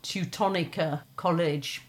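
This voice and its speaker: An older woman calmly recounting her father's wartime story, in a measured, unhurried telling with small restarts. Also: on the low side. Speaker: storyteller recounting family history. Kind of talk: spoken family storytelling.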